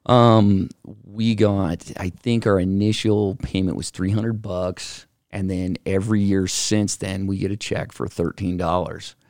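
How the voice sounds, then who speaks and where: Middle-aged man, low and gravelly, casual animated storyteller who acts out the dialogue. Dry sound. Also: unhurried, few pauses, no room sound. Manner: animated, acts out quoted voices, many fillers. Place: office.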